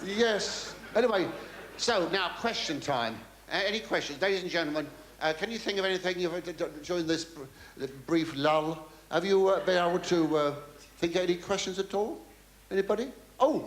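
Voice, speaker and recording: A man's voice: high-pitched, lively intonation, moderate pace, slight background noise. A man doing a camp, theatrical stand-up act with the audience. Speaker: comedian. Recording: echoey live venue with laughter.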